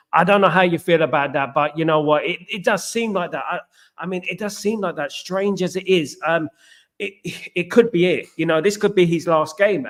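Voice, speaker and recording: A man's voice: on the high side, fairly bright tone. A man hosting a live football watchalong stream, talking casually and at length to his viewers, repeating himself and asking them questions. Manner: rambling, repetitive, asks viewers questions.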